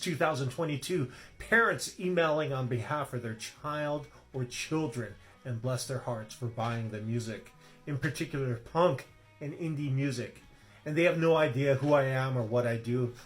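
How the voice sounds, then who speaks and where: A middle-aged man who runs a record label, telling deadpan comic stories about customer service emails and reading them aloud in a dry, exasperated way. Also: mid-range voice. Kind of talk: deadpan comic storytelling to camera.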